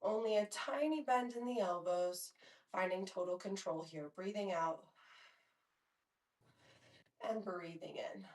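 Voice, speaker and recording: A woman's voice: medium pitch, measured pace, long pauses, darkish tone, far from the mic. Woman, young adult, pilates instructor, out of breath, encouraging, counting reps, echoey room. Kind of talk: guided workout instruction. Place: home workout room.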